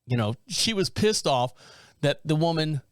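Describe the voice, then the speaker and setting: A man's voice: a little high, lively intonation, a little slow, no room sound, studio quality. A man hosting a podcast, reading out a story in a casual, rambling, blunt way with joking asides. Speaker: podcast host.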